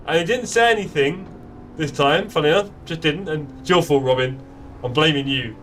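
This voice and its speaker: A man's voice: fairly high pitch, brisk, fairly bright tone, distant mic, faint music behind. A man chatting playfully with friends while live-streaming a sim racing game. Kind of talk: live gameplay chat. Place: home sim racing setup.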